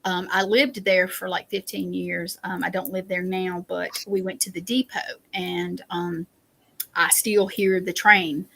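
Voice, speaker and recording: A woman's voice: fairly low pitch, little pitch movement, measured pace, creaky, fairly bright tone, a little hiss or hum, poor audio. A woman from South Carolina with a Southern accent, chatting and laughing as a guest on an interview show. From South Carolina, USA. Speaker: podcast guest. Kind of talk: casual interview chat.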